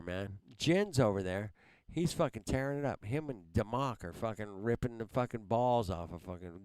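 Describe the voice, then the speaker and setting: A man's voice: on the low side, darkish tone, smooth, dry recording. A man hosting a livestream, ranting angrily at his viewers in heavy profanity and ending phrases with "man". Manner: heated, heavily profane, repeats "man". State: angry. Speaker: livestream host. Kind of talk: angry livestream rant at viewers.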